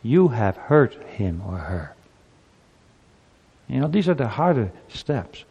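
Animated male preacher in a reverberant hall. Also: mid-range voice, slow pace, gravelly, husky, lo-fi sound. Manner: animated, acts out quoted speech. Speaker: pastor. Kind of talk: sermon.

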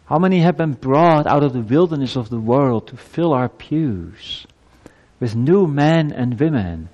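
A man delivers an earnest sermon at an ordinary middle pitch. He lifts his voice when he reads scripture and presses the congregation with rhetorical questions. His voice carries a long reverb, as in a church sanctuary. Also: animated, measured pace, darkish tone, lo-fi sound. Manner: earnest preaching, rising emphasis on scripture quotes, rhetorical questions. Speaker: preacher.

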